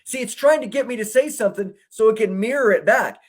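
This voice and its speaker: A man co-hosting a discussion, telling an animated story and acting out the dialogue he quotes. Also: high-pitched, quick pace. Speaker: co-host. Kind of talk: conversational discussion.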